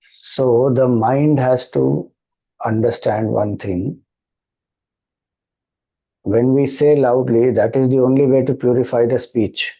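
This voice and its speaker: A man with an Indian English accent, a spiritual teacher giving a devotional talk and answering questions in a slow, measured, calm cadence. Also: medium pitch, vocal fry, lo-fi sound.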